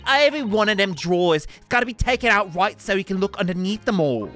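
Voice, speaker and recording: A man's voice: a little high, big pitch swings, measured pace, a bit bright, soft background music. A man voicing a cheeky, tough young woman who talks in bossy street slang. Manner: slangy, scolding, drops grammar. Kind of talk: game voice-acting in a let's play.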